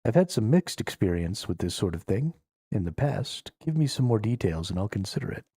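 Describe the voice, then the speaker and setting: Man as a cocky adventurer, wry, self-assured, low, mellow. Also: sing-song, fairly quick, breathy edge, no room sound, clean studio sound. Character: cocky adult male adventurer hero.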